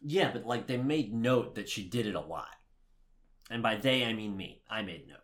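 A man co-hosting a casual movie review podcast, ranting with lots of swearing, swinging from heated shouting to low muttering. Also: lively intonation, moderate pace. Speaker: podcast co-host.

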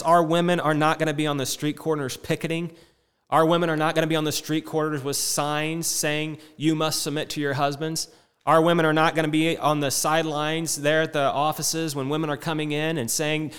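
A man's voice: a little high, a bit bright, clean tone. A middle-aged man preaching a sermon with impassioned, rising and falling delivery. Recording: long reverb in a hall.

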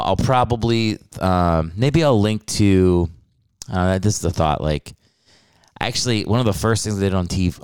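A man's voice: very deep voice, clean tone, no echo. A young man hosting his podcast in a casual, rambling, jokey and profane way, speaking close to the mic. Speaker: podcast host. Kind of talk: casual solo podcast chat.

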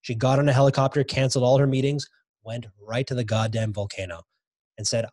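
A man being interviewed about his book, talking enthusiastically and repeating words when he gets excited. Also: mid-range voice, brisk, no room sound, clean studio sound. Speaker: guest author. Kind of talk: casual podcast interview.

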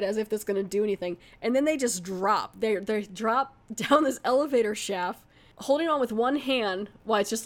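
A woman's voice: mid-range voice, quick pace. Rambling woman reviewing a movie. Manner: rambling, many fillers. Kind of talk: casual spoken movie review.

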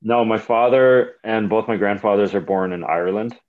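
A man's voice: fairly low pitch, normal speed, narrow, tinny audio. A young man, a comedian telling rambling, profane stories in a casual podcast chat. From Canada. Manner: rambling, profane, animated storytelling. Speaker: comedian guest.

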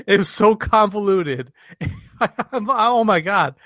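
A man's voice: high-pitched, a bit bright, dry recording, clean studio sound. A man co-hosting a casual podcast chat, joking around and laughing often. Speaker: podcast co-host.

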